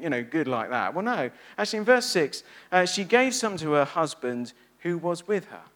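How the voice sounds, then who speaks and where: A man preaching a sermon, animated and asking his listeners rhetorical questions. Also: high-pitched.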